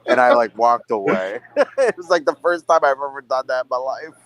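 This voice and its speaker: Profane, animated man telling a story. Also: medium pitch, fairly quick, low-quality recording. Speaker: podcast co-host. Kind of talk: casual storytelling chat. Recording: remote call from a phone.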